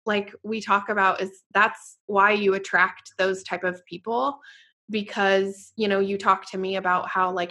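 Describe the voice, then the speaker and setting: A woman co-hosting a podcast in casual chat, effusive and warm, full of "like" fillers. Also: mid-range voice, flat delivery, moderate pace. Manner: chatty, quotes her own past thoughts aloud. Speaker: podcast co-host.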